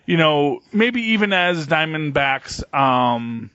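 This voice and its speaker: A man's voice: fairly high pitch, lively intonation, takes it slowly, a bit bright, clean tone, no echo. A man co-hosting a podcast in casual chat, rambling with many fillers and restarts. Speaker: podcast co-host. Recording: dull lo-fi podcast audio, dry.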